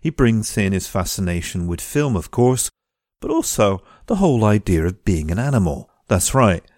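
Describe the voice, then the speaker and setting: A man's voice: on the low side, sing-song, moderate pace, dark tone, dry recording, studio quality. A man hosting a podcast, introducing the episode and its guest with wry, joking asides. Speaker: podcast host.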